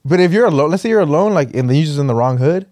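A man in casual podcast chat, quickly chiming in. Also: on the high side, expressive, darkish tone, no echo, studio quality. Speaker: podcast co-host.

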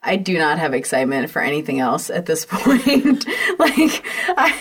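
A woman's voice: sits low, very animated, normal speed, husky. A woman co-hosting a podcast, telling stories in casual chat, laughing often and swearing freely. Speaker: podcast co-host.

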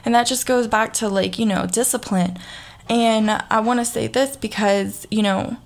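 A woman's voice: a little high, fairly even intonation, moderate pace, vocal fry. Chatty Southern woman podcaster. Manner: chatty, frequent fillers and restarts, laughs easily. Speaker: podcast host. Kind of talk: casual motivational monologue.

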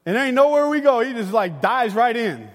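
A middle-aged male pastor with a notably high voice, preaching to his congregation. He slips into animated, conversational storytelling. His voice rings out with a long reverb in a large hall. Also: brisk. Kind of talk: sermon.

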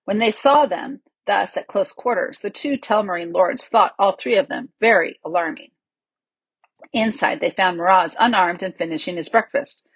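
Husky woman reading a storybook. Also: mid-range voice, normal speed, no echo, rough recording. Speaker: audiobook narrator.

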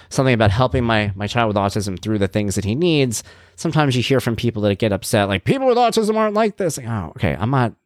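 A middle-aged man hosting a podcast, telling a family story in casual chat and acting out the voices with big jumps in pitch. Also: no room sound, clean studio sound. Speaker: podcast host.

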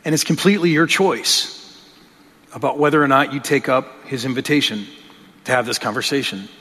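A man's voice: medium pitch, a little fast, sharp tone, breathy edge. A male pastor preaching a sermon in an earnest, conversational way, often restarting his phrases. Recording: long reverb of a large hall.

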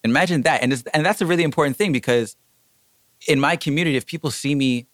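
A man's voice: quick pace, dry recording. A young man in casual chat, telling a story with energy and acting out what people said. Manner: animated, acts out quotes with jumps in pitch.

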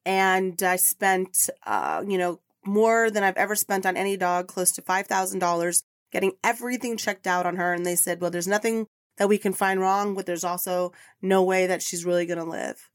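A woman's voice: mid-range voice, normal speed, no echo, clean studio sound. Emotional woman telling a personal story. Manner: emotional, rambling, earnest. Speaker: podcast host.

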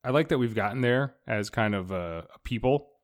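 A man's voice: medium pitch, animated, normal speed. A man in his thirties co-hosting a casual podcast, talking with dry, wry humor. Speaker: podcast co-host.

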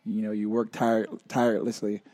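A man in his thirties, a retired player, chatting casually as a guest, relaxed and full of fillers. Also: lowish voice, normal speed, no room sound. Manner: relaxed, with many fillers and restarts. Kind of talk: casual interview chat.

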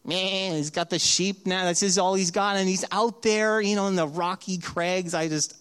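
Animated storytelling male pastor. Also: high-pitched, normal speed, clean tone. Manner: animated storytelling, acts out voices in quotes. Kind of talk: sermon.

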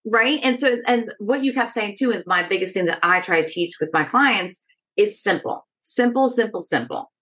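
A woman with a mid-range voice, speaking as a stress management educator in a podcast interview. She talks in a casual, energetic and direct way. She keeps turning to the listener with quick "right?" checks. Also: medium pitch.

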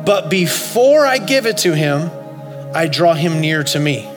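A man in his forties preaching a sermon, telling a story with loud high bursts and soft low asides. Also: very animated, a little slow. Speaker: pastor. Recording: long hall reverb, faint music.

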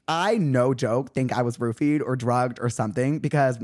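A young man in his twenties, hosting a podcast and telling a story in casual chat, acting out the quotes. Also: normal speed. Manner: animated storyteller, acts out quotes with big pitch jumps. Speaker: podcast host.

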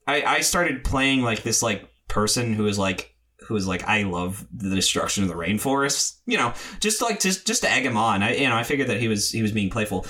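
A young man telling a rambling party story in casual chat, stammering through restarts and breaking into loud shouts when he quotes himself. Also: mid-range voice, sing-song, fairly quick.

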